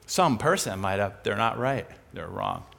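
A man preaching a sermon in an animated, conversational way, asking and answering his own rhetorical questions. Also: on the low side, a little slow, vocal fry.

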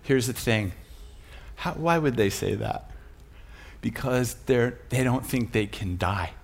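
A middle-aged man preaching with a lively, self-mocking storytelling delivery. His voice sits at an ordinary male pitch, and he often breaks into laughter as he goes. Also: takes it slowly, creaky. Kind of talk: humorous sermon storytelling.

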